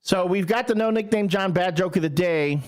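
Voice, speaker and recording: A man's voice: high-pitched, normal speed. A man hosting a local morning radio show, chatting casually and joking with his co-host. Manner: animated, jokey, breaks into silly voices. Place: radio studio.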